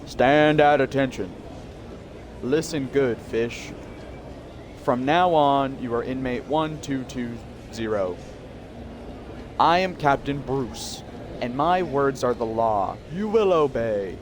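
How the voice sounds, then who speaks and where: A man voicing a gruff, stern prison captain who barks slow, commanding orders in a video game. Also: mid-range voice, noisy background, lightly acted. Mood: barking orders. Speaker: game character.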